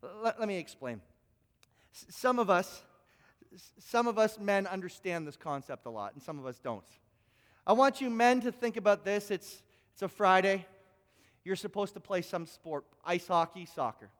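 A man's voice: high-pitched, lively intonation, normal speed, big-room sound. A man preaching a sermon, telling stories animatedly, acting out both sides of conversations and often stumbling over repeated words. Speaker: pastor.

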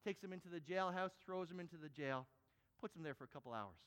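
A man delivers a sermon in a high voice, dropping to soft asides and then rising to loud, insistent emphasis. His words ring out with a long reverb, as in a large church hall. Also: quick pace, clear, resonant tone. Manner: animated preaching, swinging from quiet to loud and emphatic. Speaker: pastor.

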